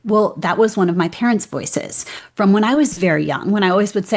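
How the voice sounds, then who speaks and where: A woman's voice: mid-range voice, a little fast. A middle-aged woman, a keynote speaker, talking in a conversational interview and acting out the voices in her head. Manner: animated, acts out inner voices.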